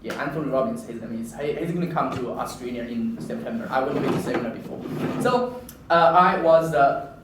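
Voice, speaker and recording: A man giving a personal story speech to an audience, animated and halting, often repeating himself. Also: medium pitch, background noise. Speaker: public speaker. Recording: echoey room from far off.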